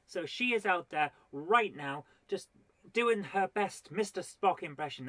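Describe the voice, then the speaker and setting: A woman's voice: on the low side, lively intonation, a little slow, fairly bright tone, dry recording. A middle-aged woman doing stand-up comedy from her home office as host of her own show, rambling and self-deprecating with mock-serious asides. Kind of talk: solo stand-up comedy to camera.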